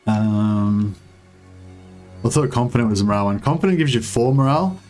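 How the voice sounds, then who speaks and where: A man's voice: mid-range voice, expressive, brisk, a little mellow, soft background music. A young man, streaming a strategy game and chatting casually with viewers, hesitant with many fillers. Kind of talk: casual gameplay commentary.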